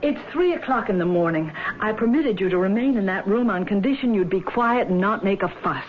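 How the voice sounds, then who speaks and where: An actress playing a fussy, scolding older landlady in 1970s radio drama style, with a shrill, prim manner. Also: expressive, fairly quick, natural voice. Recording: tinny old radio recording with faint hiss.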